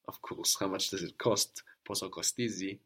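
A man's voice: deep voice, fairly even intonation, normal speed, fairly bright tone, husky. A man teaching a spoken language lesson, explaining patiently step by step and prompting a student to answer.

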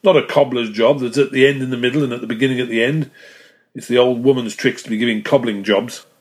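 A man's voice: mid-range voice, steady tone, fast, lightly acted. A man reading the part of a proud, fussy old ship's carpenter who mutters a tetchy, rambling complaint to himself. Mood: grumbling.

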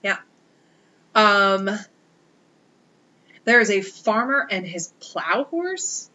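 A woman's voice: medium pitch, sing-song, very slow, bright, forceful tone, highs cut off. A woman co-hosting a podcast, telling ghost stories in a wry, joking, casual way. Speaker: podcast co-host. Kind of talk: casual chat.

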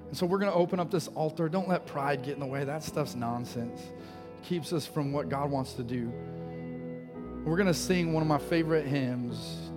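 A man's voice: on the high side, in a large hall. A man preaching a sermon as pastor, telling a story with growing passion and calling people forward. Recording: live sermon with music playing. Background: music.

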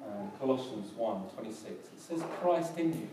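A man's voice: medium pitch, lively intonation, moderate pace. A man preaching a sermon as pastor, hesitant with many ums and restarts, recorded in a church hall. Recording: echoey hall from far off, background noise.

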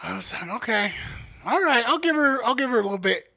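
A man's voice: extremely high pitch, expressive, fairly quick, gravelly, sharp tone. A young man co-hosting a podcast, telling a story in casual chat with a joking, laid-back manner. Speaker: podcast co-host.

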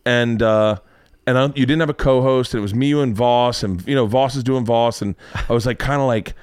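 A man hosting a podcast, telling stories in a casual, animated way, with loud excited impressions and lots of swearing. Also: medium pitch, brisk, clean tone, no room sound, studio quality. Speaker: podcast host. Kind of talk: casual storytelling chat.

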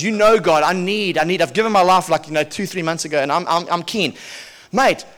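A male pastor preaching a sermon, telling a personal testimony in a lively, chuckling way and often repeating himself. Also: high-pitched.

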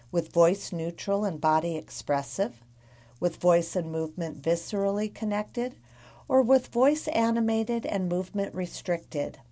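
A woman reading an instructional book about breath and voice for dancers in a calm, measured way. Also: on the low side. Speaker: narrator of a dance guidebook.

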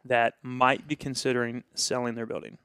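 A man's voice: medium pitch, flat delivery, normal speed, bright, forceful tone, smooth, no echo, studio quality. A man who is a pastor, telling a story in casual conversation and acting out the quoted dialogue with animation.

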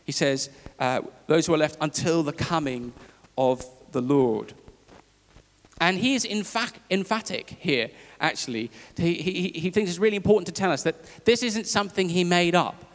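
A man preaching a sermon in a conversational, halting way, with fillers and restarts. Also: fairly high pitch. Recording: long hall reverb.

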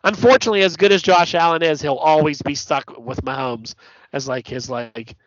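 A man on a casual podcast, blunt and a little profane, who tells stories with animated asides. His voice sits a touch high, with a dry, close sound and a dull, lo-fi recording. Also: normal speed, no echo. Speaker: podcast co-host. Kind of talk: casual sports chat.

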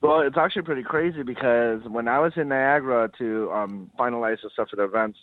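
A man's voice: medium pitch, quick pace, no echo. A man calling in as a guest, telling a story in an easygoing way over a phone line. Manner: easygoing, tells stories with quoted dialogue. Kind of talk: casual phone interview.

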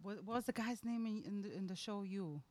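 A woman co-hosting a podcast in casual chat, loud and profane, laughing and acting out voices. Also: medium pitch, fairly quick, dry recording. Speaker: podcast co-host.

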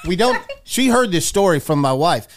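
A man co-hosting a radio talk show, telling a wry, animated story in casual chat. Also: high-pitched, normal speed, slight background noise.

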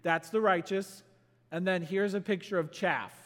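A pastor delivering a sermon, teaching through a passage with emphatic bursts and slowed, stressed phrases. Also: male voice, high voice, fairly even intonation, fairly bright tone. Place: church sanctuary. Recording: long reverb of a church hall.

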